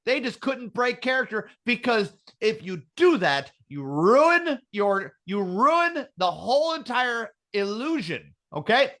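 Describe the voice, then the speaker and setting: A man's voice: very high-pitched, a bit bright. A man hosting a casual podcast chat, ranting with lots of swearing and fillers. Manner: profane, ranting, many fillers. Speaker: podcast host.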